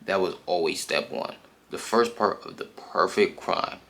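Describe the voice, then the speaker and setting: A man voices an unseen mastermind who taunts his prey slowly and coldly. The voice is low and gravelly, with quiet menace in each word. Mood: taunting. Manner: slow, taunting.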